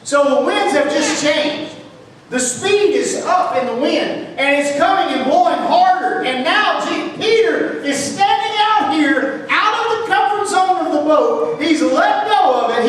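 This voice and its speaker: A man with a high, lifted voice preaches a fervent sermon, firing questions back at his congregation. He is picked up from a distance, so the words bloom and ring out through a big church hall with a long tail of reverb, and a faint room hum sits beneath him. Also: a bit bright. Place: church sanctuary. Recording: echoey church hall from far off.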